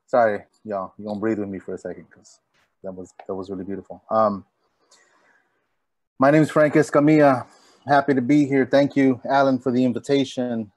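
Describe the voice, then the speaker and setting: Moved, halting man from East Los Angeles. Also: mid-range voice, darkish tone, no echo. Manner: moved, halting, says y'all. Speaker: poet. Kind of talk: casual remarks at a poetry event.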